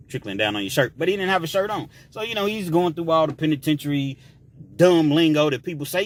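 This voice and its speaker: A man telling a story in a casual, slangy way, with animated delivery and shouted sound effects. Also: a little high, fast.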